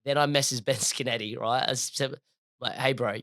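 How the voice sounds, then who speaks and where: A young adult man, a podcast co-host telling a story in casual, slangy chat, animated and laughing as he goes. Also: medium pitch, normal speed, no room sound, studio quality.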